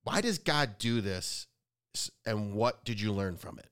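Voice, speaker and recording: A male podcast host chats casually with his guest, his voice rising and falling in a lively way. He is effusive and gushes with praise between his questions. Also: lowish voice, measured pace, clear, resonant tone. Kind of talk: casual interview chat.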